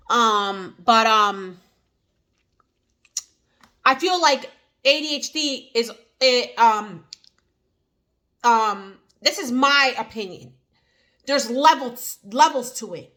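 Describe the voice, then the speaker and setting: Eating and chatting on camera, a vlogger speaks in a New Jersey accent, her rambling talk thick with fillers and restarts. The voice sits high, bright, and forceful.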